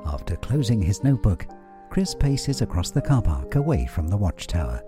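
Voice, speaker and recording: Male audio describer, measured scripted delivery, sweeping lively intonation, music behind. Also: lowish voice.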